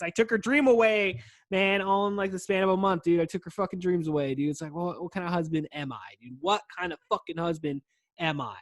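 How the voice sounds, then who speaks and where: A man's voice: medium pitch, no room sound, clean studio sound. A man in his thirties hosting a podcast, rambling casually while stoned, laid-back and profane, saying "dude" all the time. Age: 30s. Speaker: podcast host.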